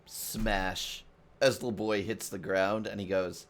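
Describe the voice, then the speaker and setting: A man serving as game master, narrating a tabletop role-playing session. His voice sits very low and he talks slowly and evenly. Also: little pitch movement.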